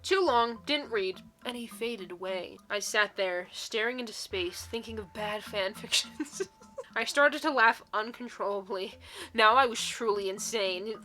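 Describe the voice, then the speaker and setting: A woman's voice: mid-range voice, unhurried, sharp tone. A young woman reading silly fan fiction aloud in a mock-dramatic way, often breaking into giggles.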